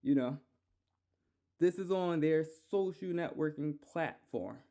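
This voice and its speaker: A man's voice: a little high, slow pace, dark tone. A man hosting a solo podcast, ranting heatedly and profanely, repeating himself. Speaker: podcast host.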